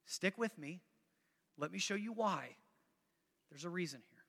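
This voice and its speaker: Preaching to his congregation, a pastor speaks in a high-pitched, sharp voice with lively intonation and a slightly slow pace. His talk is conversational, with repeated phrases for emphasis and gentle urging for people to join in, all echoing in a big-room sound.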